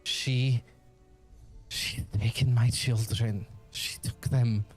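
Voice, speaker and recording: A man voicing a gaunt, sickly, cursed and grieving man in a tabletop game, in halting, broken, pleading speech. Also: mid-range voice, steady tone, faint music behind. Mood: anguished.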